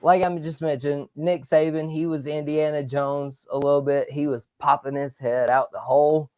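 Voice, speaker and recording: A man hosting a live sports talk show, energetic and rambling, with loud outbursts. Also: fairly high pitch, normal speed, smooth, no echo. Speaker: podcast host.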